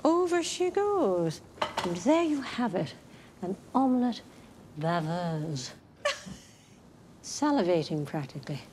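A woman's voice: on the low side, big pitch swings, takes it slowly, pauses often, darkish tone, slight background noise. An actress playing an exuberant 1960s television cook in her fifties, theatrical and warbling, sprinkling in French phrases. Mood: chipper. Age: 50s. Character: cheerful tall female TV cook, 50s, exuberant. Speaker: cooking show guest. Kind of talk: 1960s television drama acting.

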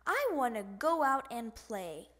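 Woman doing a whiny, excitable little frog boy. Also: on the high side, slow pace, heavily acted. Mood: excited, whiny. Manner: whiny, shouting.

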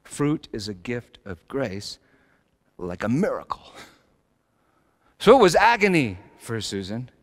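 A middle-aged male pastor preaching a sermon, swinging between loud emphatic lines and hushed low phrases. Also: very animated, a little slow, hardly any pauses. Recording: long hall reverb.

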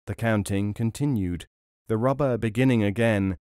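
A man reading folk tales aloud in a measured, even storytelling manner. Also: mid-range voice, dry recording, studio quality. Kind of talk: audiobook storytelling.

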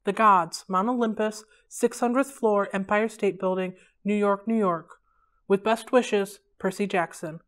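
A woman reading a novel aloud for a library read-along, in a steady, clear storytelling manner. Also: mid-range voice, measured pace.

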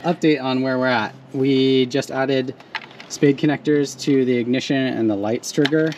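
A man's voice: medium pitch, fairly even intonation, moderate pace, darkish tone, a little hiss or hum. A man in a casual how-to vlog, explaining step by step with fillers while working on a truck in a driveway outdoors.

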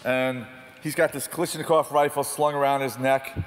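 A man's voice: mid-range voice, normal speed. Man telling stories in a large hall. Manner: self-deprecating, animated storyteller. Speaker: photojournalist speaker. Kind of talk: storytelling talk on stage. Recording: distant reverberant hall, faint noise.

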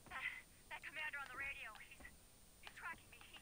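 An urgent radio ally. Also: female voice, high voice, steady tone, a little fast, sharp tone, a little hiss or hum. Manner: hesitant, stumbling urgency. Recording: distant game radio chatter.

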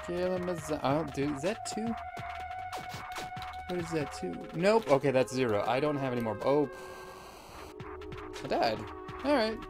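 A man giving let's play commentary, rambling with deadpan absurd jokes. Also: a little high, normal speed, pauses often, music in the background. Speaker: gamer.

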